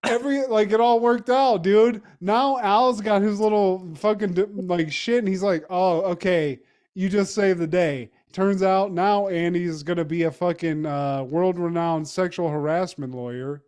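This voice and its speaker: A man co-hosting a podcast, recapping a TV episode in casual chat with animated, profane storytelling and frequent laughter. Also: high-pitched, unhurried, clear, resonant tone. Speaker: podcast co-host.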